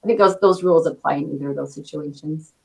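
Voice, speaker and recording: Fast-talking woman with light laughs. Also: low-pitched, creaky. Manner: quick cadence, frequent light laughs. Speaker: interview guest, product launch director. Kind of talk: corporate interview answers.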